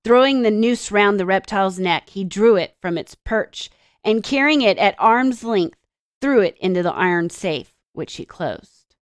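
Slow, expressive woman storyteller. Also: mid-range voice, dry recording, studio quality. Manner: expressive storytelling with dramatic pauses. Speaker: teacher. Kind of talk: reading aloud and explaining a story to children.

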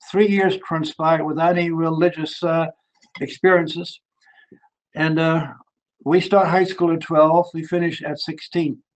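A man's voice: on the high side, rough recording. An older man with a German accent, giving a fervent sermon testimony about his childhood. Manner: rising to fervent, emphatic preaching. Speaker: preacher.

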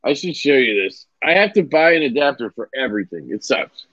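A man's voice: mid-range voice, lively intonation, a little fast, a bit bright, no room sound. Laid-back young man, dry lo-fi sound. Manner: laid-back, swearing, rambling with many fillers. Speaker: livestream host. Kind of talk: casual chat.

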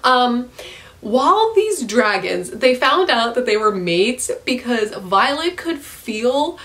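Exasperated woman ranting, higher voice. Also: very animated, takes it slowly, fairly bright tone. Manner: exasperated, profane, laughing ranting. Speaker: book reviewer. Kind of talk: casual book rant vlog. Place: at home, dog nearby.

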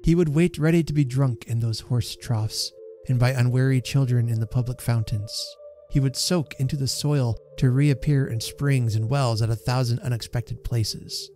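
Warm-voiced male storyteller. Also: mid-range voice, normal speed, soft background music. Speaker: reader and channel host. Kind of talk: storytelling reading.

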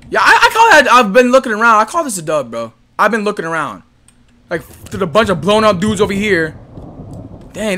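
Excitable young man yelling over gunfire. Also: sits high, a little hiss or hum. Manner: excitable, yelling at enemies, slangy. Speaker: gaming YouTuber. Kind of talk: casual gameplay commentary. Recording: loud gunfire from the game behind.

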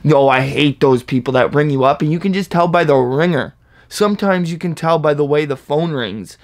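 A man's voice: a little high, normal speed. A man hosting a reaction video, chatting casually and whooping at lines he likes. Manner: excitable, hypes bars with whoops and laughs.

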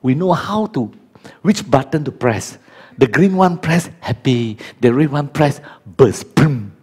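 Pastor pria usia 50-an, bahasa ibu Mandarin; khotbah ekspresif, nada naik-turun lebar. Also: male voice, mid-range voice, expressive, a little slow, darkish tone, slightly rough. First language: Chinese. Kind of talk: sermon.

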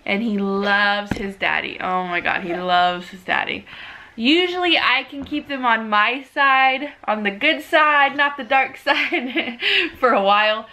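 A young woman, a mom, chatting casually in a home video about her baby, sick at the moment, and sometimes cooing to him in a high sing-song voice. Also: measured pace, bright, forceful tone. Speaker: mom vlogger. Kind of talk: casual baby update vlog. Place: home living room. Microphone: camera on a tripod.

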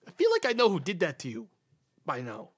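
A man's voice: fairly high pitch, wildly swooping pitch, brisk. A man streaming a mystery game, thinking aloud casually and talking to his chat as he works things out. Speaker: gaming streamer. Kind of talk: casual live-stream commentary.

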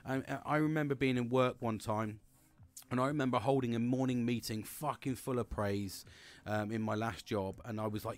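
Faint music plays behind a middle-aged male podcast host whose mid-range voice holds a steady tone at normal speed. Frank and swearing nonstop, he rambles through a personal story with frequent restarts.

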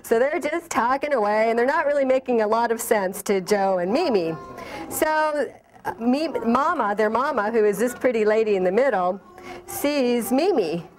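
A woman leads a children's storytime, reading aloud and pausing to quiz her young listeners. Her voice sits a little high and stays animated throughout. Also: faint music behind. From El Paso, Texas. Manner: animated, asks children questions. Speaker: library director reading at storytime.

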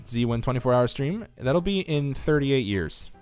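A man's voice: medium pitch, expressive, a little slow, darkish tone, faint music behind. Tired, chatty American man streaming a game. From United States. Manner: chatty, reads chat aloud, joking asides. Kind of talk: casual live-stream commentary.

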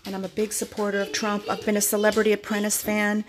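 A woman, a cartoonist, rambling and halting as she casually explains her own political cartoons to viewers. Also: medium pitch, completely flat delivery, very noisy.

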